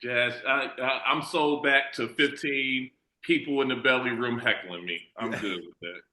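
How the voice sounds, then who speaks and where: A man's voice: medium pitch, normal speed, sharp tone, reverberant, poor audio. A man co-hosting a comedy podcast, joking around and acting out little quotes. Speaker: podcast co-host. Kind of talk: casual podcast debate.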